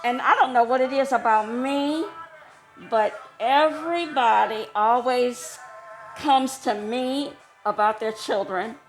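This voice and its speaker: A woman telling a casual personal story, chatty and quick to laugh, her voice jumping high when she gets excited. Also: creaky. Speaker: vlogger. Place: homeless shelter.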